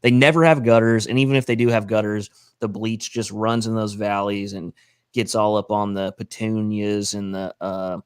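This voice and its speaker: A man's voice: fairly low pitch, fairly even intonation, moderate pace, clear, resonant tone, dry recording, clean studio sound. A man co-hosting a casual podcast, rambling and laughing as he tells loose, slangy stories. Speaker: podcast co-host and roof cleaner.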